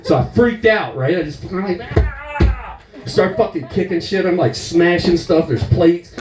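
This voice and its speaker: A man performing stand-up comedy with profane, animated storytelling. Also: sits high, normal speed, echoey room, recorded from a distance, background noise. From United States.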